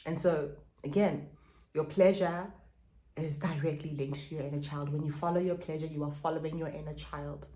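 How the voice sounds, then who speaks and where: A woman's voice: deep voice, fairly even intonation, moderate pace, dark tone. A woman coach giving a reflective self-help vlog talk, repeating and stressing key phrases. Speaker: pleasure and spirituality coach. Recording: echoey room.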